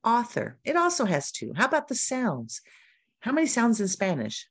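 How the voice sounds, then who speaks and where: A woman literacy educator giving a teaching demonstration, modeling a reading lesson with lively questions and prompts. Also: fairly high pitch, moderate pace, breathy edge.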